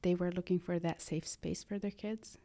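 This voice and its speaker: A woman, speaking earnestly and haltingly as a podcast guest, slipping in phrases. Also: lowish voice, steady tone, dark tone. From Lebanon. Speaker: guest, art therapy practitioner. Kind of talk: conversational podcast interview.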